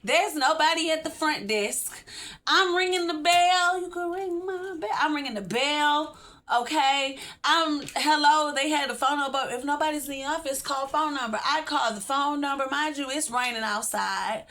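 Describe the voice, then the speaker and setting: Woman, casual storytime vlog, high voice, talks straight to viewers. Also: normal speed. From Texas, USA. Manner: animated, chatty, laughs often, addresses viewers directly. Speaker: vlogger.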